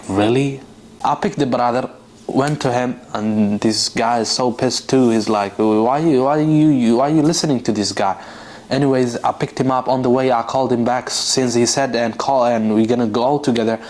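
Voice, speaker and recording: A man's voice: medium pitch, a little mellow. A man vlogger telling a long, rambling, exasperated story in a casual way, full of fillers and restarts.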